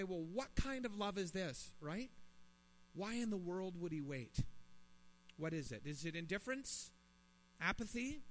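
Male preacher, 30s-40s, slightly high voice, earnest sermon, long hall reverb with faint hum. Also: fairly bright tone. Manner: earnest, rising to emphatic pleas.

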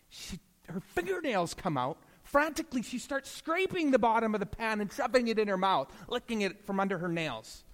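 A man preaching a sermon as a pastor, telling stories and swinging between hushed, slow passages and emphatic rises. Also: sits high, in a large hall.

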